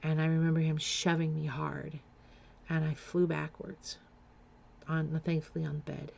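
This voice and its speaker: Gravelly low-voiced woman telling her story. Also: little pitch movement, moderate pace, darkish tone, lo-fi sound. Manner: frank, confessional, blunt. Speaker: memoir storyteller. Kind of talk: candid personal storytelling.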